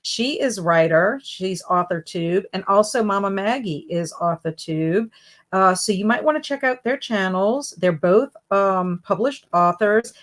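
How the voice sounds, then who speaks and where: A woman's voice: medium pitch, expressive, measured pace. A woman hosting a casual reading livestream, reading out viewer comments and greeting each person by name in a friendly way. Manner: friendly, jumps up bright on greetings. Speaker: booktube livestream host.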